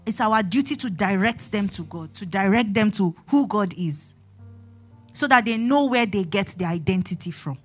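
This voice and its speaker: A woman's voice: medium pitch, expressive, normal speed, breathy edge. An earnest woman preaches to a congregation in a sermon-style teaching. She exhorts her listeners and repeats phrases for emphasis. Faint music plays behind her. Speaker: church speaker on parenting.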